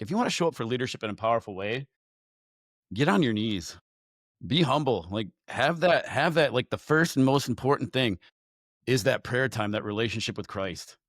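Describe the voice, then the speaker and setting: A man guest on a faith podcast, telling a personal story in a candid, animated way, often repeating words and restarting. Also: medium pitch, a little fast, no echo. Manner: animated storyteller who acts out his own thoughts.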